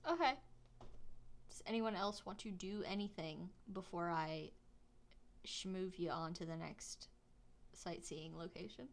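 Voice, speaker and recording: A woman's voice: on the low side, measured pace, pauses often. A woman narrating as game master of a tabletop game, casual and chatty with many fillers.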